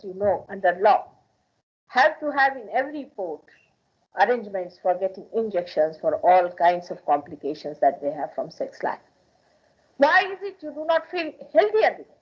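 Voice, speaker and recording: A spiritual teacher from India, her mid-range voice slightly rough and her accent Indian, addresses a hall with emphatic repetition of key phrases. The sound comes from a dull, lo-fi archival recording made in 1981.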